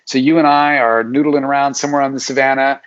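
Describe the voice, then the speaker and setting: A man's voice: medium pitch, level tone, fast talker. A middle-aged man, a psychology professor talking as a guest in a casual interview, explaining ideas and acting out what imagined people would say. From Alaska, USA. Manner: explanatory, acts out imagined people's lines in quotes. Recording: dull lo-fi audio.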